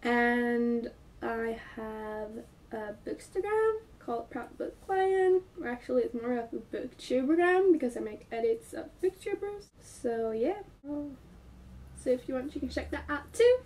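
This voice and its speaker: A woman with a high, dark-toned voice, congested from a cold, chatting excitedly about books. She rambles with plenty of filler words, and she sits a bit back from the microphone. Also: unhurried, far from the mic. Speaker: book vlogger. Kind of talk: casual book review chat.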